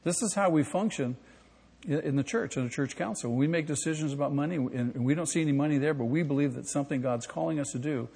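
Male pastor, emphatic sermon, questions to the congregation, long church reverb, fairly high voice. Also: quick pace, vocal fry, a little mellow, husky. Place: church sanctuary.

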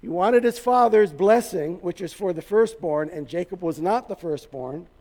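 A male pastor with a strikingly high voice preaches a sermon to his congregation, telling the story casually and humorously. His delivery is animated and moderately paced, with a slightly mellow tone and a long hall reverb.

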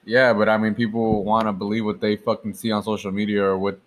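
A man's voice: lowish voice, little pitch movement, quick pace. A man co-hosting a casual podcast, blunt and swearing heavily, sometimes hesitant. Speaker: podcast co-host. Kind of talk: casual chat.

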